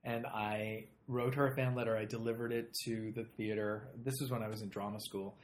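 A man, an actor, telling lively anecdotes in casual chat, swearing casually and laughing often. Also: fairly low pitch, fairly quick, a little hiss or hum. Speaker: actor and guest.

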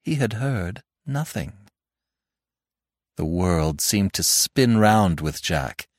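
Male storyteller, low voice, dry close mic, expressive read. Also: takes it slowly, dry recording. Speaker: narrator. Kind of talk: scripted narration.

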